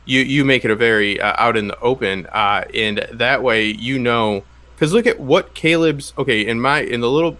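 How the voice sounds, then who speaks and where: A man's voice: mid-range voice, normal speed, few pauses, sharp tone. A man guest on a TV review chat, rambling with lots of fillers and restarts.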